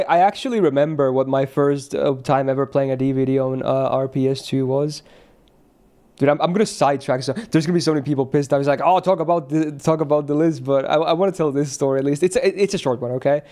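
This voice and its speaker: A young man streaming a game, chatting casually in a rambling, excitable way and swearing freely. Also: mid-range voice, fast.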